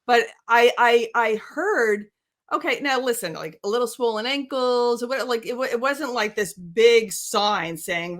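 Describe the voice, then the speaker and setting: A woman's voice: fairly high pitch, fairly quick, fairly bright tone. A woman hosting an interview, speaking expressively and emphatically, often laughing as she talks. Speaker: host. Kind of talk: casual interview talk.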